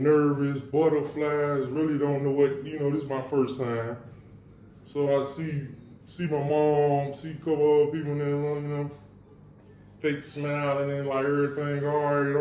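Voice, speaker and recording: A man on his own show, telling a story from his past in a casual, slangy, profane way with wry humor about dark memories. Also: fairly high pitch, echoey room, far from the mic, slight background noise. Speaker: podcast host recounting his past.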